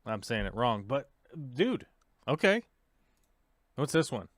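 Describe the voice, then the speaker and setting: A man's voice: mid-range voice, big pitch swings, slow, dry recording, clean studio sound. A man hosting a casual livestream chat in a playful way, thinking aloud and joking at himself. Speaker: livestream host.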